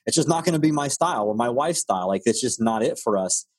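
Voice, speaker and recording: A man's voice: medium pitch, animated, fast talker, slightly rough. A man hosting a podcast interview, chatting casually and rambling with frequent restarts. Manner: rambling, stammers and restarts, friendly. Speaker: podcast host.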